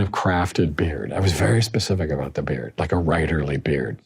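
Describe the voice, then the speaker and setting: A man's voice: low voice, lively intonation, fast, hardly any pauses, a little mellow. A middle-aged actor talking casually about his past roles, chatty and self-mocking, often laughing at himself. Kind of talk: casual interview recollection.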